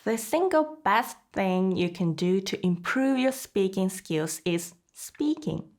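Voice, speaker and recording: Woman teacher explaining exam tips, slow and clear, echoey room. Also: mid-range voice, animated, darkish tone. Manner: clear, measured teaching delivery. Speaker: IELTS teacher. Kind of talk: scripted online lesson.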